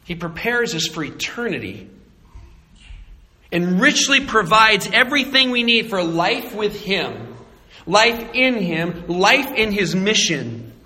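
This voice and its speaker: A man preaching a sermon, animated and acting out little voices and jokes. He grew up in Arizona. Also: high voice, slow, in a large hall. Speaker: pastor.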